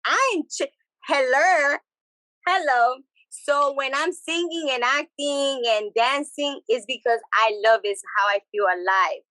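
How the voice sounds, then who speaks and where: Lively bilingual woman, bright voice. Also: high-pitched, moderate pace, hardly any pauses, no echo, rough recording. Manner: animated, switches between English and Spanish, repeats phrases. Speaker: podcast guest. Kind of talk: casual chat.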